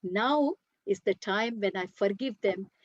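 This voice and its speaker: A woman voicing a wise, forgiving male seagull teacher, speaking calmly and firmly, in a dry, dull lo-fi recording. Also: mid-range voice, measured pace, no echo, voice pushed down, close to an everyday voice. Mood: resolute. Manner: calm, resolute.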